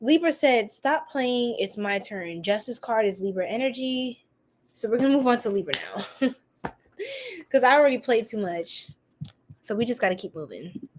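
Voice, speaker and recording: Giggly New York woman, slightly high voice. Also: lively intonation, moderate pace, darkish tone. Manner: goofy and giggly, laughs often. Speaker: tarot reader host. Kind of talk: casual livestream chat reading comments.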